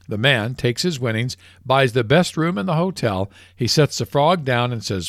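Lively male radio host telling a joke. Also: mid-range voice, moderate pace, no echo, studio quality.

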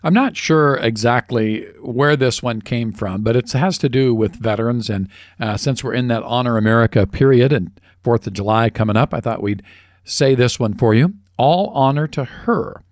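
An easygoing man co-hosts a talk show, trading good-humored banter in a mid-pitched voice. The recording is dry and close, with no audible room. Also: moderate pace, no echo. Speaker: radio show co-host. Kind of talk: casual chat.

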